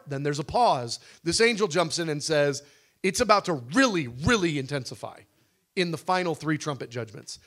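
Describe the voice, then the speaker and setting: Man teaching scripture, high voice, conversational, bursts into loud dramatic shouts. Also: normal speed. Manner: animated, acts out cries with sudden loud shouts; conversational with fillers and restarts. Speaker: Bible teacher. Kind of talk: teaching a Bible study session.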